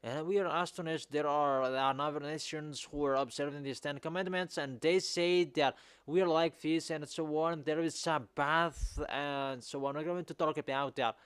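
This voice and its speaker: Forceful preacher man, smooth dry voice. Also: on the high side, fairly even intonation, normal speed, dry recording. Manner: emphatic, repeats points, rises to loud exhortation. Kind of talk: sermon.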